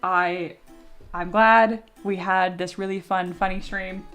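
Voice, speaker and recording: A woman's voice: medium pitch, steady tone, slow, fairly bright tone, clean tone, faint music behind. Giggly young woman streamer, swearing freely. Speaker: streamer and 3D sculptor. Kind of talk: casual live-stream chat.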